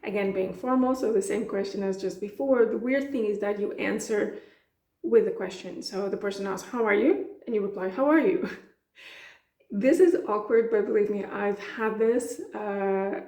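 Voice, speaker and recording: A woman's voice: medium pitch, fairly even intonation, moderate pace, warm tone. Portuguese-accented woman teaching in an echoey room. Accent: European Portuguese. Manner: chatty, laughs often, acts out dialogue lines. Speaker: language teacher. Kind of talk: casual explanatory lesson.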